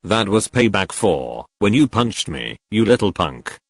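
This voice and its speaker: A man's voice: fairly low pitch, sing-song, a little slow, gravelly, breathy edge, no room sound, full character voice. A man voicing an arrogant young male gang thug in a fan-fiction reading, speaking in a smirking, taunting way. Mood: sneering.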